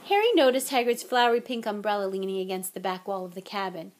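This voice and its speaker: A woman reading a novel aloud as audiobook narrator, in a steady storytelling manner. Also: medium pitch, fast talker, few pauses.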